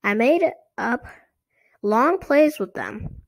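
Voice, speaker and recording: A woman's voice: fairly high pitch, lively intonation, slow pace, creaky, voice pushed up, full character voice. A woman voicing a cheerful girl who loves puppets in a storybook reading, speaking eagerly and insistently. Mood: fond.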